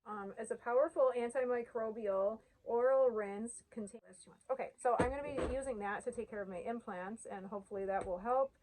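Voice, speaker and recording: Earnest woman vlogger, slightly high voice. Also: fairly quick, few pauses, darkish tone, rough recording. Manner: earnest, heartfelt, uses "like" often. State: tearful. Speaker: vlogger sharing her denture journey. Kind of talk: emotional casual talk to camera.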